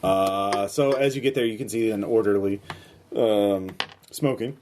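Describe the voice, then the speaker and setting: A man's voice: fairly low pitch, a little slow, background noise. A man running a tabletop game as game master, talking loosely with many fillers and frequent laughs. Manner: lively, laughs often, lots of fillers.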